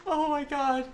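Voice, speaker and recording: A woman streamer giving casual commentary while playing a game, laughing often and swearing when surprised. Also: high-pitched.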